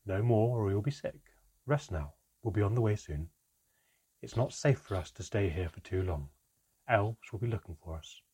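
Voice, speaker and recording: A man voicing a calm, gently ominous female elf in a small, soft voice while reading a storybook aloud. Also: on the low side, moderate pace, slightly rough. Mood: firm. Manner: calm, reasonable, quietly commanding.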